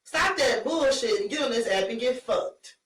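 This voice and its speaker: A woman's voice: a little high, animated, normal speed. A woman co-hosting a casual chat show, talking bluntly with lots of fillers and laughs. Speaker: podcast co-host. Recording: echoey room from far off, faint noise.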